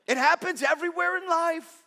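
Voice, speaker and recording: A middle-aged man preaching a sermon as pastor, conversational and animated, with self-deprecating stories. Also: very high voice, brisk, vocal fry. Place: large church auditorium. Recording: long reverb of a church hall.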